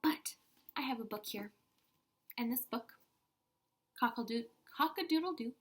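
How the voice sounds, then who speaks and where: A woman kindergarten teacher reading a picture book aloud to children, animated with soft-spoken asides. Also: a little high, measured pace, slightly rough.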